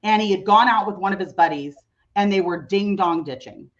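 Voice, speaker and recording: A woman's voice: medium pitch, fairly quick, highs cut off. A woman in her thirties, a podcast guest and mother, telling a story in casual chat with lots of "like" fillers. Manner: animated storyteller, many "like" fillers. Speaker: mother of a teenage son.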